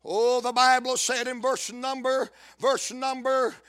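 A man preaching a fiery sermon, rhythmic and building to shouts. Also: very high-pitched, flat delivery, a little slow.

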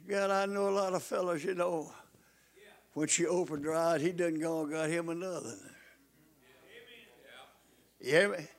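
An older man preaching a folksy sermon, dropping to hushed storytelling and rising to loud calls to his listeners. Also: on the high side, fairly even intonation, moderate pace, creaky, long pauses. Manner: repeats calls to the congregation.

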